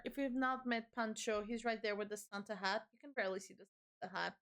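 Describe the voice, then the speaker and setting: A woman's voice: a little high, level tone, a little fast, a bit bright, clear, resonant tone. A young woman chatting casually on a live stream as she builds, rambling and talking to her chat, her voice a little strained. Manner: chatty, rambling, self-described yapper.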